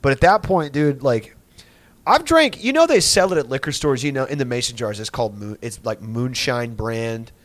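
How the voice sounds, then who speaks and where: A man's voice: medium pitch, lively intonation, normal speed, no room sound. A young man hosting a podcast, telling a story in a rambling, profane way with lots of filler words. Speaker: podcast host. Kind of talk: casual storytelling.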